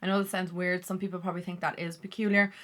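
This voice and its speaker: A woman's voice: on the low side, little pitch movement, fast, fairly bright tone. A woman chatting candidly to camera as a vlogger, full of "like" fillers. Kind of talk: casual talk to camera.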